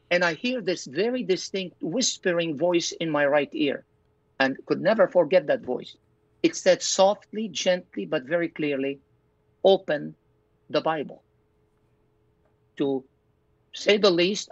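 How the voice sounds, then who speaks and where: The speaker is an older man from Lebanon, a doctor and pastor, whose fairly high voice carries his testimony during an interview. He narrates sincerely and performs his own remembered thoughts; the lo-fi audio is dull and dry.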